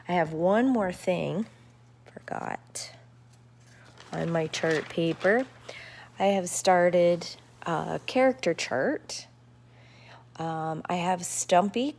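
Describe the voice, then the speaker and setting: A woman teacher reading a chapter book aloud to her class, gentle and explanatory. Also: lowish voice, slight background noise.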